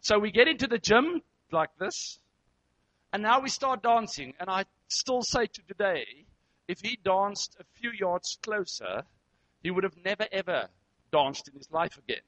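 A man, a therapist, telling a story to an audience in an animated way, acting out dialogue and sound effects. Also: high-pitched, moderate pace, no echo, poor audio. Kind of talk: storytelling talk.

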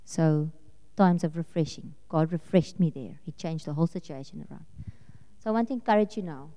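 Woman preacher telling her story in church, laughs a lot, mellow kinda high voice, big hall echo. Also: a little fast. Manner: animated storytelling, laughing often. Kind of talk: sermon testimony. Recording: long reverb of a large hall.

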